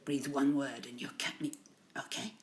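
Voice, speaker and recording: A woman's voice: extremely low pitch, steady tone, normal speed, a little hiss or hum. A woman voicing a gang of male mafia cats with a put-on Italian accent, reciting in a boastful, menacing sing-song.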